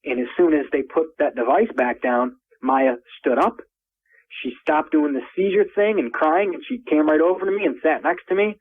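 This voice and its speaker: A man phones in to tell the story of his own encounter, speaking at normal speed in a voice on the high side. The line sounds tinny, and he rambles and repeats himself, his voice climbing when he gets agitated.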